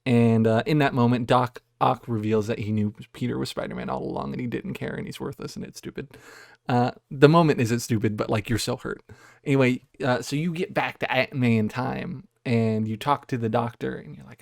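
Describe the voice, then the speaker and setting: A man's voice: mid-range voice, fairly even intonation, fairly quick, gravelly, no room sound, studio quality. A man co-hosting a podcast, casually retelling scenes from a video game with quoted lines. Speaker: podcast co-host. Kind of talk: casual chat.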